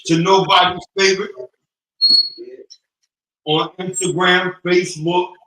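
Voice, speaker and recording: A man's voice: high voice, little pitch movement, slow, sharp tone, echoey room, poor audio. A man in casual chat, giving blunt relationship advice like sayings.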